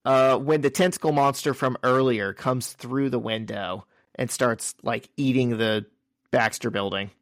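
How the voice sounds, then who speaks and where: A man in the middle pitch range chats loosely while he recaps a comic book page by page. He tosses in crude jokes. His voice sounds close and dry, with no room around it. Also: dry recording. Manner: crude, joking, recounts scenes in order. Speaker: podcast co-host. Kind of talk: casual chat recapping a comic.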